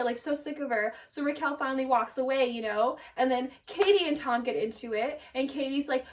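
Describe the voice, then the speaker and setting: A woman's voice: high voice, expressive, brisk, a bit bright, distant mic. A woman giving a casual, gossipy recap of a reality show. She fills her talk with "like" and acts out quotes from the episode. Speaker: recap vlogger.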